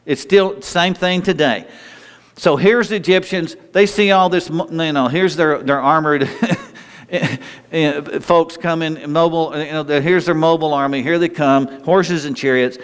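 Male pastor, lively conversational sermon, slightly high voice, big reverberant church hall. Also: clean tone. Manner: animated, conversational preaching with frequent restarts and asides. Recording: long reverb of a large hall.

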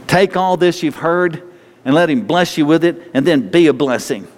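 A man preaching a sermon and leading a closing prayer, fervent and repeating phrases for emphasis. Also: fairly high pitch. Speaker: pastor. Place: church sanctuary. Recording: long hall reverb.

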